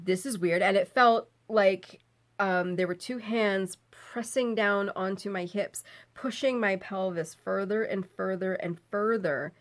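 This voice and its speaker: A woman vlogger casually telling a personal story, animated, laughing often and swearing as she recounts her fear. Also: mid-range voice.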